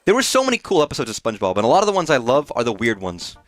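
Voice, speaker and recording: A man's voice: mid-range voice, wildly swooping pitch, fairly bright tone, no echo, soft background music. A man livestreaming a game in casual commentary, swearing freely and rambling into mock rants at the characters on screen. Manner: profane, rambling, quick to rant at on-screen characters.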